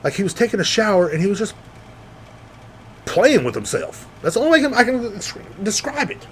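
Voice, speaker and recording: Male host, young, rambling and lively, slightly high voice, faint noise behind. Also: a little fast. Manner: rambling, animated, acts out quoted people. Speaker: podcast host. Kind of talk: casual monologue.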